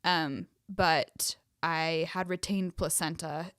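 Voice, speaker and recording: A woman's voice: low-pitched, steady tone, takes it slowly, a bit bright, clear, resonant tone, dry recording, studio quality. A young woman co-hosting a podcast, telling a personal story in casual chat with many fillers and emotion. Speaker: podcast co-host.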